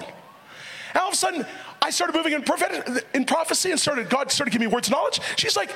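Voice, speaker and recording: A man's voice: very high-pitched, quick pace. A middle-aged pastor preaching with energy, telling a story and voicing other people as he goes, with frequent laughter. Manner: animated, quotes others in raised voices, laughs often.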